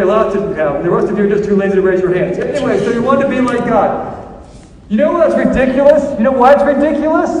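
Animated priest in an echoey hall. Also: male voice, very high voice. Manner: animated, swings from shouting to hushed. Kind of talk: sermon. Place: large church. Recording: echoey church hall from far off.

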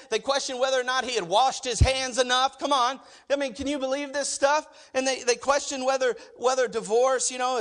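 A man preaching a sermon, asking his listeners rhetorical questions and swinging between quiet asides and loud exclamations. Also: high voice. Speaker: pastor.

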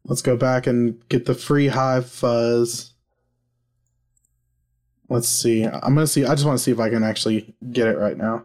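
A man co-hosting a casual podcast, excitable and jokey, laughing often. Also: mid-range voice, normal speed. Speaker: podcast co-host. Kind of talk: casual chat.

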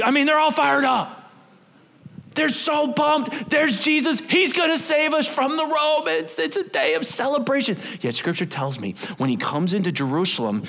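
A male pastor preaching a sermon, animated and storytelling, acting out the scenes as he goes. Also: sits high, measured pace, breathy edge.

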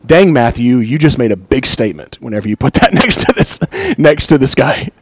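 A man giving an earnest, animated Bible teaching, reading scripture aloud and commenting on it, often with a light chuckle. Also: mid-range voice, brisk, breathy edge, dry recording, low-quality recording.

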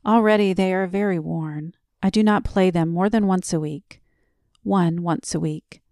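A woman voicing a gentle, careful old man, speaking in a quiet, measured way. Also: fairly low pitch, no echo, studio quality.

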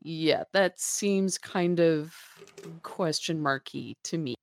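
A woman's voice: deep voice, slow. A woman playing a tabletop game who describes her character's actions in a hesitant, chatty way. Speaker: player. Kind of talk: casual tabletop play.

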